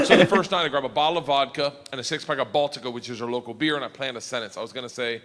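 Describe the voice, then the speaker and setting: A middle-aged man telling a long stand-up story on stage, loud and swearing, often laughing mid-sentence. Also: medium pitch, fast talker. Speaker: stand-up comedian. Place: comedy stage in a large hall. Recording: long hall reverb from stage.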